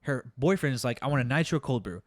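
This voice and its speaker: A young man co-hosting a casual podcast, telling a work story in a profane, exasperated, animated way. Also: mid-range voice, quick pace, dry recording, clean studio sound. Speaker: podcast co-host.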